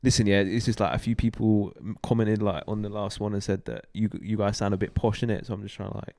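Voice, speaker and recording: A man's voice: fairly low pitch, little pitch movement, fast talker, darkish tone, no echo, clean studio sound, lightly acted. A man voicing a cocky young London street talker, heavy on slang fillers and swagger.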